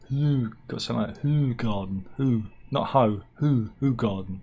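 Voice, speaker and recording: A man hosting a satirical news vlog, reading out stories with wry, deadpan asides and mock outrage. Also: fairly low pitch, normal speed, husky. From United Kingdom. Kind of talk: offhand comic news chat.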